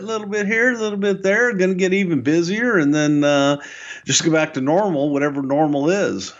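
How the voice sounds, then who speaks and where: A man co-hosting a podcast in casual banter, gruff and joking, swearing freely. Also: a little high, a little fast, dull audio. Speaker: podcast co-host.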